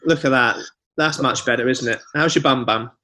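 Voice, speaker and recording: A young man co-hosting a podcast, chatting casually with quick jokes and asides. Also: medium pitch, sharp tone. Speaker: podcast co-host. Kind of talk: casual chat.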